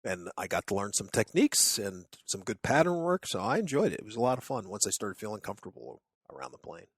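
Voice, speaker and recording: A man's voice: on the low side, quick pace, husky, dry recording. A man co-hosting a podcast, chatting casually and telling stories with lots of expression. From United States. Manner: animated storyteller acting out others' shouts. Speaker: podcast co-host. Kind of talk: casual chat.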